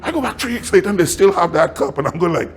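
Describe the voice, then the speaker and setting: A male pastor telling a story in a sermon, animated, often laughing and acting out what people said. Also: high voice, quick pace, slight background noise.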